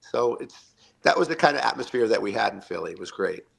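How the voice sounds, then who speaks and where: A man in his fifties, a retired hockey player, telling animated locker-room stories as a podcast guest and acting out the quotes. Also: lowish voice, fairly quick, creaky, husky. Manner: animated anecdotes with acted-out quotes. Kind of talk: storytelling interview.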